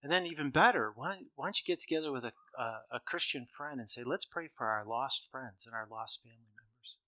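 A middle-aged male preacher with a bright, forward tone delivers a sermon to a large gathering. He tells his stories with strong swings in loudness, pushing some lines out and dropping others almost to a murmur. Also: mid-range voice, expressive, brisk. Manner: storytelling with shifts between loud emphasis and quiet.

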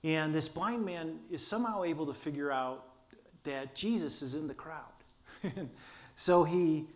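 Older male pastor, storytelling sermon, can't raise his voice, many restarts. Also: measured pace. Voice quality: limited vocal power from vocal cord damage. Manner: storytelling, earnest, with many restarts and quiet low asides.

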